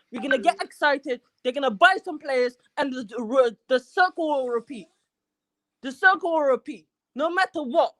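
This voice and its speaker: A man's voice: extremely high pitch, a bit bright, dry recording, low-quality recording. A man calling in to a fan show, ranting in an agitated, repetitive way. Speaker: caller. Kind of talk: angry fan phone-in rant.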